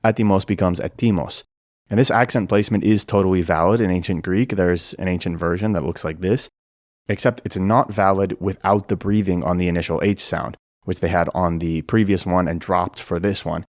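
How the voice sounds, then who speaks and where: A man with a low, deep voice narrates an educational explainer. He talks in a clear, methodical way. The sound is close and dry. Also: steady tone, brisk, no room sound. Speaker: language explainer.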